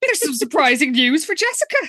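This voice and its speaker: A woman co-hosting a podcast, recapping an episode in casual chat, halting with fillers and restarts and laughing often. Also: high voice, big pitch swings, fairly bright tone, no room sound, studio quality. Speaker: podcast co-host.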